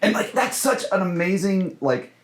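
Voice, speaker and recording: A man's voice: high voice, normal speed, slight background noise. A man, a film director, talking casually in an interview, full of fillers and restarts. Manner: animated, many fillers and restarts. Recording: roomy echo.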